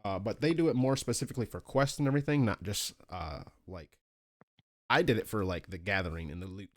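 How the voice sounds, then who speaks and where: A man co-hosting a casual podcast, telling gaming stories with lots of swearing and excited squeaky voices for his asides. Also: a little fast. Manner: animated storytelling, swears freely, jumps up in pitch for quoted asides. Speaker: podcast co-host.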